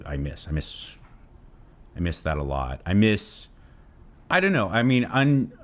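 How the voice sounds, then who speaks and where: A man from Southern California hosting his own channel, chatting casually to camera and rambling off on tangents. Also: lowish voice. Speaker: fitness channel host.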